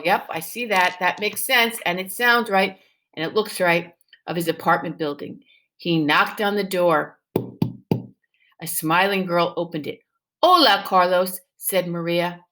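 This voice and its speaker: A woman teaching first grade, reading a picture book aloud to young children and coaxing them with questions. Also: mid-range voice. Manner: animated and encouraging, with exaggerated questions to the class.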